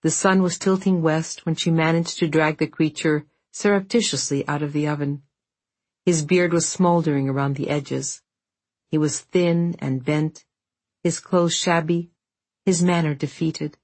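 A woman narrating an audiobook in a measured, steady storytelling manner. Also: low voice, no room sound.

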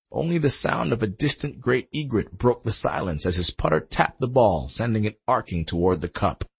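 A male narrator reading a sports biography aloud in a dramatic storytelling manner. His voice is very husky and gravelly, and his pitch moves animatedly. He swells with emphasis at the big moments. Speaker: audiobook narrator. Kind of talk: scripted narration.

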